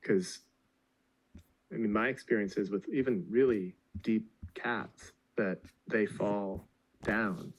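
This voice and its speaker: A man in a reflective group discussion, speaking slowly and hesitantly with long pauses mid-sentence. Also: lowish voice, fairly even intonation, poor audio.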